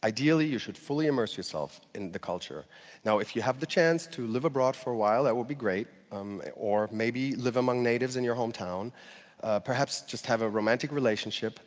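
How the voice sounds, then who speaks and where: A man's voice: medium pitch, in a large hall. A man giving a conversational talk to an audience, with fillers and light laughter. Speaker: speaker giving a talk on language learning.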